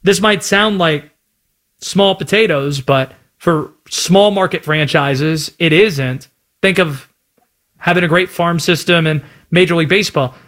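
A man from North Carolina hosting sports talk radio, with an animated, opinionated, energetic delivery. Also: high-pitched.

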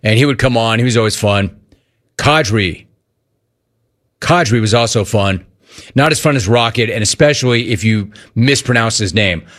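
A man hosting a sports talk show, talking casually in a mocking, animated way with quick asides. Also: on the low side. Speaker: sports talk radio host.

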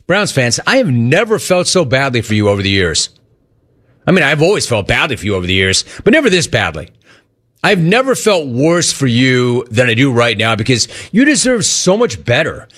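Animated, sarcastic male sports radio host. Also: medium pitch, moderate pace. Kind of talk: sports talk radio rant.

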